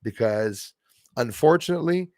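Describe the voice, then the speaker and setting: A man's voice: medium pitch, animated, moderate pace, darkish tone, dry recording, studio quality. A man, hosting a casual livestream, chatting along and thanking viewers by name. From Canada. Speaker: livestream host. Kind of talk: casual livestream chat, reading viewer comments.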